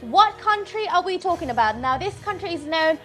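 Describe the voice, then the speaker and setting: A woman's voice: very high voice, animated, a little fast, fairly bright tone, soft background music. A young woman with a Filipino accent co-hosting a live show and reading viewer greetings, bubbly and giggly, switching between English and Tagalog. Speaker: co-host.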